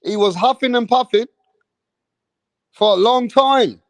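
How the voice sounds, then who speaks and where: A man hosting a live-stream boxing breakdown, animated and mocking, with street slang and frequent swearing. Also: extremely high pitch, a little slow, no echo. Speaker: boxing commentator.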